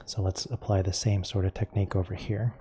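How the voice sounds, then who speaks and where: Male painting instructor, low-pitched and deeply mellow, calm step-by-step demo voice. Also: slightly rough. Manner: calm and unhurried, explaining each step as he works.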